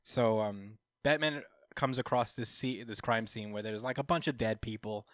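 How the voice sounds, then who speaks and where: A man's voice: on the low side, normal speed, no room sound, studio quality. A young man hosting a podcast, loosely retelling a story in casual chat with lots of fillers. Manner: loose storytelling, many fillers, laughs at own jokes. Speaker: podcast host. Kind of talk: casual chat recapping comics.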